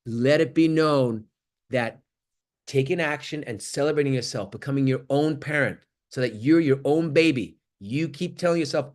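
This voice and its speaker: A man giving an animated motivational talk on a video call, swinging from loud exclamations to near-whispers. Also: medium pitch, moderate pace. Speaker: guest speaker on an acting workshop call.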